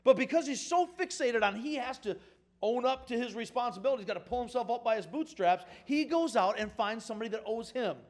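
A male pastor preaching a sermon in a conversational, folksy way, swinging from quiet asides up to emphatic, louder points. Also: lively intonation, a little fast. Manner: rises in pitch and volume for emphatic points, drops to quiet asides.

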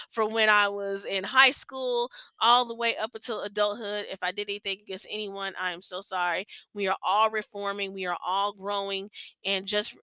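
A woman's voice: medium pitch, bright, forceful tone, smooth, dry recording. A young adult woman hosting a faith-based podcast, talking earnestly in a rambling way with many restarts. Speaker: podcast host.

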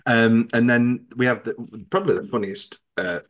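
A man hosting a casual podcast chat about a film, animated and quick to mimic characters in high voices. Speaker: podcast host.

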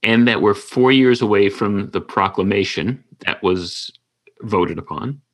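A man's voice: lowish voice, a little slow. A man hosting an interview, asking long, rambling questions that he rephrases as he goes. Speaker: interviewer, host.

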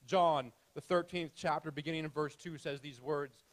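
A man with a notably high voice preaches a sermon. He leans hard on key phrases, repeats them, then sinks to a near-whisper. He keeps turning to his listeners with direct questions. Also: fairly even intonation, moderate pace. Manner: emphatic, repeats key phrases, drops to soft hush; addresses the audience directly with questions. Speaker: pastor.

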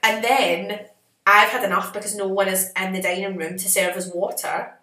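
A young woman co-hosting a podcast, telling a story in a sassy, animated, self-mocking way. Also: medium pitch, moderate pace. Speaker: podcast co-host. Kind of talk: casual storytelling chat. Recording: echoey room.

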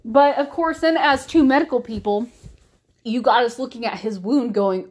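Young mom rambling to camera, chatty and candid, lots of likes and ums. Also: female voice, on the high side, normal speed, a little mellow. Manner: candid and chatty, with many fillers and restarts. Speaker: mother vlogger. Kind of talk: casual chat to camera.

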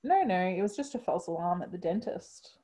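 A woman's voice: fairly low pitch, brisk. Giggly Australian woman telling a story. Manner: animated, laughs often, acts out quotes. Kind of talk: casual storytelling chat.

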